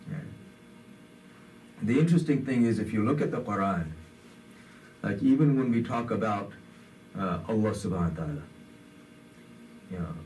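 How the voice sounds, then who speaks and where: A man's voice: on the low side, animated, normal speed, darkish tone, recorded from a distance, slight background noise. A man giving a conversational sermon, with many fillers, in a community center hall. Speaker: imam.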